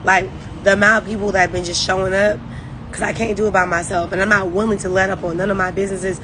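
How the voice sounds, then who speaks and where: A woman's voice: medium pitch, flat delivery, quick pace, noisy background. A woman leading a network marketing team, giving a rambling, emphatic, faith-driven pep talk on a phone livestream.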